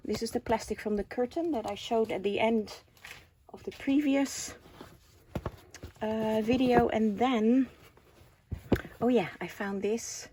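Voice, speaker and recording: A Dutch woman in her forties talks casually through her craft haul at home, mid-pitched and easygoing. She turns often to the viewers with a quick question and a soft laugh. Faint background hiss sits under her voice. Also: gravelly. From Netherlands. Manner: chatty, asks viewers questions, laughs softly. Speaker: craft vlogger. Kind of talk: casual show-and-tell chat.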